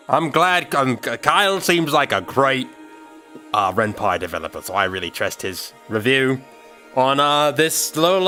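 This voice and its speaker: A man's voice: medium pitch, sing-song, moderate pace, sharp tone, faint music behind. A man livestreaming while he works, chatting casually and thinking aloud to his viewers. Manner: rambling, thinks aloud, talks to chat.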